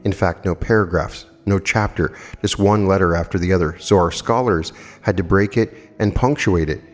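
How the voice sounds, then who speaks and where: A man's voice: sits low, moderate pace, in a large hall, soft background music. A man in his fifties giving a spiritual lecture, telling anecdotes earnestly and emphatically with rhetorical questions. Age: 50s. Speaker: metaphysical lecturer.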